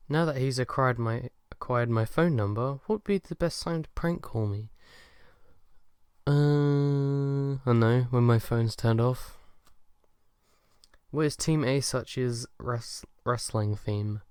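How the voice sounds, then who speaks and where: Shy young guy doing a q&a, lots of uhs, talks slow, clean smooth voice. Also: medium pitch, no echo, clean studio sound. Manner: hesitant and self-deprecating, many ums and uhs; soft-spoken and shy. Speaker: forum member answering fan questions. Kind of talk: casual question-and-answer chat.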